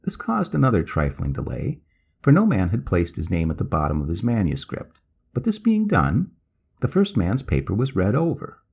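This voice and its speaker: A man narrating a classic ghost story, reading it with lively delivery and acting out the characters' lines. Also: sits low, moderate pace, vocal fry, slightly rough. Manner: lively, acts out quoted speech in narration.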